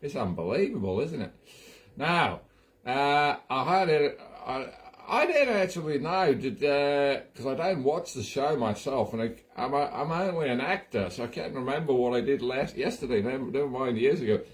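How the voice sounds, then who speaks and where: Brash Aussie soap star, rambling slangy banter, voice pitched lower, put on by a man. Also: lively intonation, normal speed, lightly acted. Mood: jokey. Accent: put-on Australian. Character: brash jokey Australian soap actor, male, middle-aged. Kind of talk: comic impression on a live stream.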